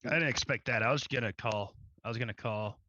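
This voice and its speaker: A man playing in a tabletop game, talking in a dry, deadpan way. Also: medium pitch, fast, dull audio, slight background noise. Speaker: player.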